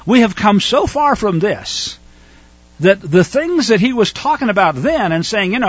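Husky sarcastic preacher man, lively pitch. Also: normal speed, no echo, dull audio. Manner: sarcastic, scolding, mocking asides. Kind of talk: sermon.

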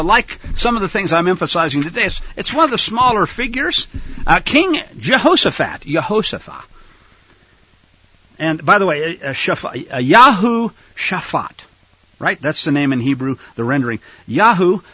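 A man preaching in an animated, rhetorical style, addressing listeners as folks, on a dull lo-fi recording. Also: a little high, slightly rough, no echo. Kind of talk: sermon-style Bible teaching.

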